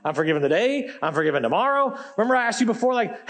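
A man's voice: very high voice, animated, fast talker, fairly bright tone. A man in his forties, a pastor preaching a sermon on stage in a church, reading scripture aloud and adding emphatic, conversational asides. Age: 40s.

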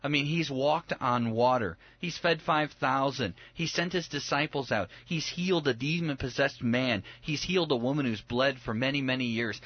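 A man's voice: medium pitch, dry recording, highs cut off. A man in a casual Bible discussion, talking animatedly and acting out the voices of the people in the stories. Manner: animated, acts out voices of biblical figures. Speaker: Bible study podcast co-host.

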